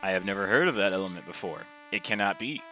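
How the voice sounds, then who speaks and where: A man's voice: low voice, animated, fast, pushed and bright, faint music behind. A man voicing a pompous male skeleton trombone player who speaks in grand, solemn phrases. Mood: grandiose.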